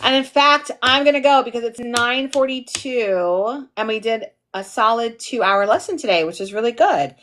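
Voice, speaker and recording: A woman's voice: fairly high pitch, lively intonation, normal speed, few pauses, fairly bright tone. A tired woman in her forties, an instructor chatting casually and goofily with livestream viewers, reading their names and laughing often. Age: 40s. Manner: goofy, giggly, talks to chat by name.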